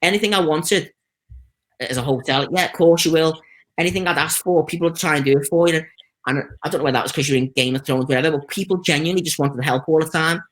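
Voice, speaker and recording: A man's voice: fairly high pitch, quick pace. A man with a Liverpool accent, a stuntman telling stories in a casual interview. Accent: Liverpool (Scouse). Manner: chatty storytelling, lively anecdotes with quoted voices. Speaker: stuntman guest.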